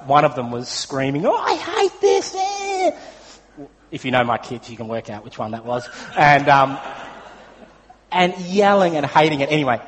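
Chatty Australian preacher in a reverberant hall. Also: male voice, medium pitch, fairly bright tone. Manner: chatty storytelling with frequent fillers. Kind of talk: sermon with personal story.

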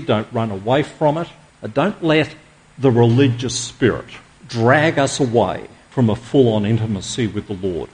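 A middle-aged man preaching a sermon as pastor, emphatic, slowing down for dramatic stress and asking rhetorical questions. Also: mid-range voice.

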